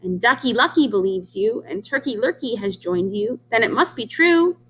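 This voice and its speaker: A woman voicing a fussy female goose in a read-aloud storybook, with a high, squeaky, questioning voice. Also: lively intonation, normal speed, fairly bright tone, a little hiss or hum. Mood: convinced.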